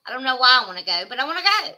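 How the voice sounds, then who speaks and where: Rapid-fire and very animated, a high-pitched woman with a Southern American accent reads her livestream chat aloud. Her tone is bright and forceful as she chats casually, exclaims, and drawls asides to viewers.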